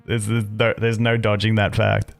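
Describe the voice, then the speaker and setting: A man's voice: on the low side, monotone, normal speed, vocal fry, smooth. Aussie guy streaming, chatty and rambly, says dude a lot, faint music behind. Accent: Australian. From Canada, raised in Australia. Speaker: gaming streamer. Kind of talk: casual chat with live chat.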